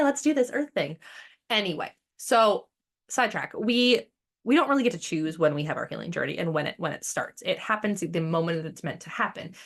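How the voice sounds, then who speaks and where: A woman hosting a spiritual podcast in a casual, blunt way, swearing freely and wandering into sidetracks. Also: lowish voice. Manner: blunt and profane, animated; chatty, with fillers and sidetracks. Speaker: podcast host.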